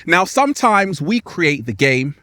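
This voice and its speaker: A man giving an animated, playful motivational vlog outdoors in nature, laughing often. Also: a little high, measured pace, dry recording. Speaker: spiritual vlogger.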